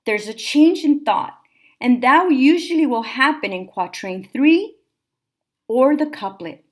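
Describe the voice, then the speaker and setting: A woman teacher recording a classroom lecture, explaining step by step in a clear, methodical way. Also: high-pitched, animated, unhurried.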